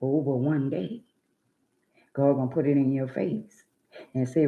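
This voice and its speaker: A woman's voice: a bass voice, a little slow, long pauses. A woman hosting a live stream, bluntly and profanely lecturing her viewers and repeating words for emphasis. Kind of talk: preachy live-stream rant. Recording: echoey room, dull lo-fi sound.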